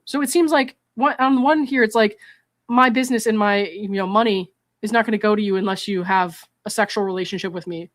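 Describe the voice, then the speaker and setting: A woman's voice: medium pitch, fairly quick. A woman hosting a commentary channel, reading text messages aloud and breaking in with indignant, exasperated remarks.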